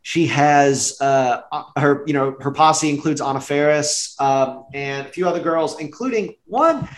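A man's voice: a little high, measured pace, slight background noise. A man co-hosting a casual podcast about a movie, rambling with many fillers and frequent laughter. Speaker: podcast co-host. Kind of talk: casual chat reviewing a movie. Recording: roomy echo.

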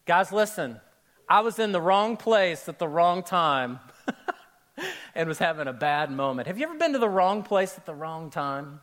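A man preaching a sermon, opening with a lively personal story and speaking straight to his congregation. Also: fairly high pitch, moderate pace. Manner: storytelling, animated, addresses crowd directly. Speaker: pastor.

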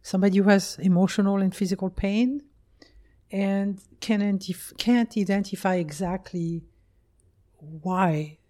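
Soft-spoken French woman, mellow voice. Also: mid-range voice, fairly even intonation, unhurried. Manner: soft-spoken, earnest, repeats words. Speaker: co-host and healer. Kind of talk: casual podcast conversation.

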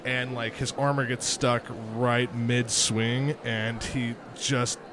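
A man's voice: mid-range voice, level tone, slow, noisy background. A man playing a tabletop game who explains his character in a rambling way, full of fillers. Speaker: player. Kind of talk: casual tabletop game chat.

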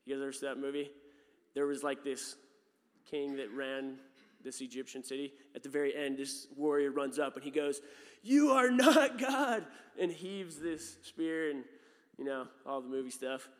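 A man's voice: medium pitch, little pitch movement, normal speed, smooth. Casual preaching man in a reverberant hall. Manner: casual, conversational preaching with many fillers. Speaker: pastor. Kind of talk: sermon.

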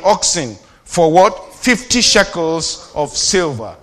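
High bright-voiced preaching pastor. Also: male voice, sing-song, unhurried, few pauses. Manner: preachy call-and-response, swings from shouting to quiet asides. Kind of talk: sermon.

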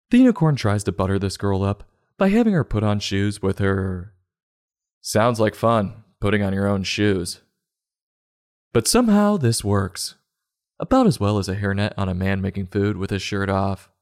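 A low-voiced man gives a storybook a sarcastic roast. His delivery is deadpan yet bouncy, with lots of rise and fall. His asides are irreverent. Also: normal speed, clear, resonant tone. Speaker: comedic book reader.

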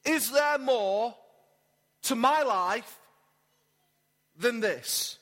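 Pastor preaching in a reverberant church. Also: male voice, very high-pitched, lively intonation, very slow, a bit bright. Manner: friendly, storytelling, light humour. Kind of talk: sermon. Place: church auditorium.

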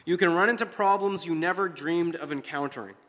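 A man preaching a sermon in a measured, earnest way, slowing down to stress key phrases. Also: fairly high pitch, a bit bright, big-room sound. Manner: measured, earnest delivery with slow emphatic phrases.

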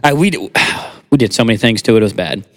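A young man co-hosting a podcast, telling a story in casual chat, animated and laughing. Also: fairly low pitch, fast, big-room sound. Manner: animated, laughing, sound effects in stories. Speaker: podcast co-host.

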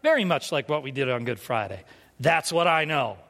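A man preaching a sermon through a lively personal story, self-mocking and laughing often. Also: medium pitch, moderate pace. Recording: long reverb of a large hall.

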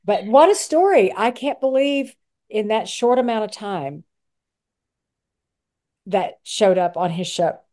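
A woman hosting a podcast, chatting in a relaxed, easygoing way. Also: mid-range voice, slow pace, pauses often. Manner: chatty, relaxed, easily amused. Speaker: podcast host. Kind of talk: casual interview chat.

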